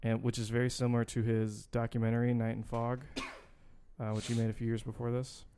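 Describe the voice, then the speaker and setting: A man's voice: medium pitch, monotone, brisk, mellow, a little hiss or hum. A man co-hosting a casual podcast, talking loosely and rambling, with casual swearing. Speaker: podcast co-host. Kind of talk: casual film-podcast chat.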